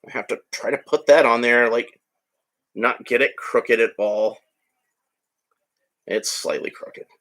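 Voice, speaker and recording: A man's voice: mid-range voice, steady tone, a little slow, fairly bright tone. A man narrating a toy build in a casual, rambling way with joking asides. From United States. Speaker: hobby vlogger.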